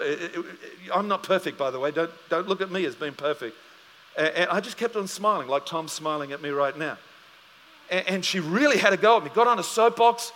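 A man's voice: sits high, normal speed, sharp tone, big-room sound, a little hiss or hum. A man preaching a sermon as pastor, telling stories animatedly and acting out both sides of a conversation.

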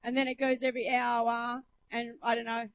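A woman's voice: fairly high pitch, flat delivery, moderate pace, muffled recording. A woman preacher at a church service, reading scripture and teaching emphatically into a handheld mic. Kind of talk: sermon.

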